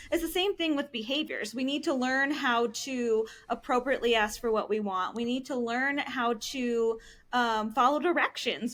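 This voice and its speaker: A woman's slightly high, somewhat bright voice: she's a licensed professional counselor in her thirties. On a podcast as a guest, she explains things earnestly and often says "um."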